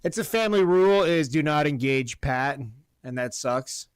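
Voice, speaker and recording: A man telling a long profane story about his neighbor in casual podcast chat, animated and blunt. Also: on the high side, normal speed, clear, resonant tone, no echo, clean studio sound. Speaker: podcast host. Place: Oregon.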